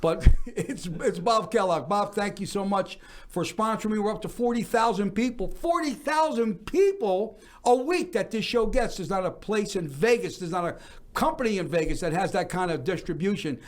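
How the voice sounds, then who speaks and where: Older guy hosting a variety show, high voice, gushing showman style, doubles up words for emphasis. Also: expressive, moderate pace. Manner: effusive, emphatic, repeats words. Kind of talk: showman's monologue.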